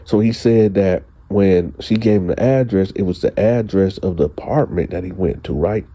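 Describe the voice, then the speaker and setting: A man telling a story in casual, colloquial slang, retelling dialogue in quick back-and-forth. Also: deep voice, dark tone, dry recording. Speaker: storyteller host.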